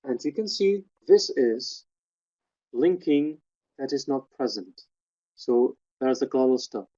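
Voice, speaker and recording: A man's voice: medium pitch, animated, slow pace, warm tone. A man presenting a webinar, methodically explaining sound details in a technical lecture and pointing them out one step at a time. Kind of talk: technical lecture walking through spectrograms. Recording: dull lo-fi webinar audio.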